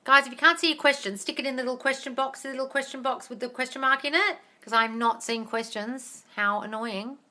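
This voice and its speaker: A woman hosting a live question-and-answer stream as a manifestation coach, blunt and brisk, swearing freely and sounding exasperated. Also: high-pitched, steady tone, pushed and bright.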